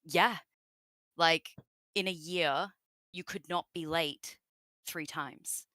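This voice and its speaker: A woman's voice: low voice, slow, sharp tone, dry recording. A woman with an Australian accent, a guest in an interview, chatting casually with many fillers and laughs.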